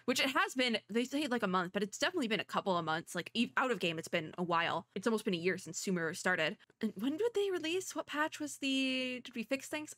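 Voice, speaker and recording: A woman's voice: medium pitch, a bit bright, no echo. Chatty emotional VTuber woman. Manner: chatty, emotional, full of fillers. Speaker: VTuber streamer. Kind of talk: game reaction commentary.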